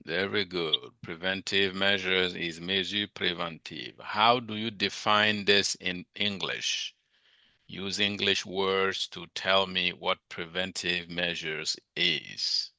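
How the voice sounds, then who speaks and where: A man's voice: deep voice, fairly even intonation, slow pace, vocal fry, bright, forceful tone, no echo. A male teacher giving a classroom lecture, drilling students on vocabulary with repeated questions.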